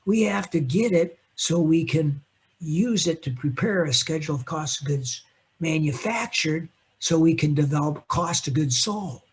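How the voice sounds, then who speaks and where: A man lecturing a class on accounting, animated and teasing, calling on students by name. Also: on the high side, measured pace, slightly rough. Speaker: accounting instructor.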